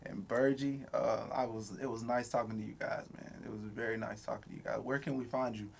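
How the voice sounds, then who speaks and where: A man hosting a podcast interview in a relaxed, encouraging way. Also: medium pitch, creaky, a little hiss or hum. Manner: relaxed, encouraging, drawn-out praise. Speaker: podcast host. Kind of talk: casual interview chat.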